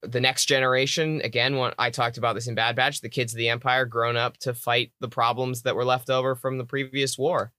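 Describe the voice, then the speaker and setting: A man with a bright, forceful voice, talking in a relaxed podcast chat. He explains things at length and knows the subject well. The sound is dry and close, with no room echo. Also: mid-range voice, brisk, hardly any pauses. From United States. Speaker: podcast co-host. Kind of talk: casual chat.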